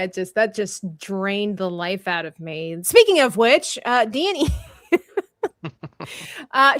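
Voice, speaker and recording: A woman hosting a live art party stream, speaking in a slightly high, bright register. She chats casually and tells animated stories, laughing often. The sound is close and dry, with no room around it. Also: no room sound. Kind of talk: casual chat.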